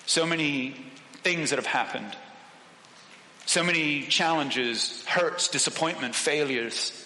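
A man preaching and telling a personal story, acting out the voices in it. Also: on the high side. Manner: animated storytelling, acts out voices. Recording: echoey hall with long reverb.

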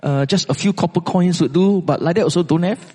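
A man's voice: sits high, brisk, mellow, slightly rough. A male preacher voicing a lame beggar at a temple gate, pleading for coins and then scoffing in disbelief, heard in a reverberant hall. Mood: incredulous. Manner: wheedling, pleading calls for coins.

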